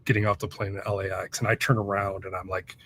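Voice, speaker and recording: A man's voice: fairly low pitch, level tone, fast talker, a bit bright, husky. A man being interviewed as a guest author, talking casually in a loose, profane, rambling way with lots of fillers.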